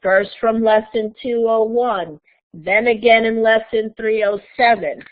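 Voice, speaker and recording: A woman's voice: on the high side, steady tone, unhurried. A woman teaching a live online Spanish class, explaining patiently step by step. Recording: tinny phone-like audio.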